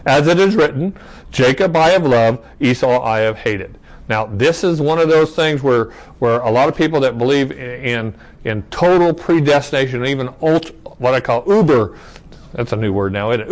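A man's voice: mid-range voice, low-quality recording. A man teaching a Bible study class in a conversational way, asking rhetorical questions, checking in with "okay?", and restarting phrases as he reads verses aloud.

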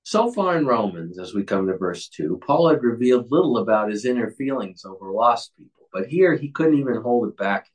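A man's voice: mid-range voice, big pitch swings, fairly quick, hardly any pauses, low-quality recording. A man leading a Bible study, explaining a passage in an earnest way with frequent restarts.

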